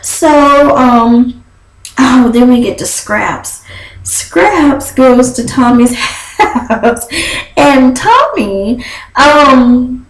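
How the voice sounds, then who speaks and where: Young woman vlogger, sassy casual chat, high animated voice. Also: extremely slow, roomy sound, low-quality recording. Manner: sassy, chatty, animated with laughs and quoted voices. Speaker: vlogger recapping a reality show. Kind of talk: casual gossip recap.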